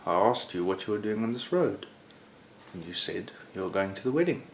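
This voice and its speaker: A man voicing a calm male genie who guards a road, speaking in a slow, measured, matter-of-fact way. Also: fairly low pitch. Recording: roomy echo, faint background noise.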